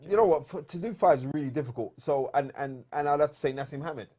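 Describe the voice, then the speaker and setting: A man's voice: on the high side, fast, dark tone, slightly rough. A man co-hosting a boxing show, talking emphatically with many stammered restarts. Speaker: boxing pundit co-host. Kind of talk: casual studio chat.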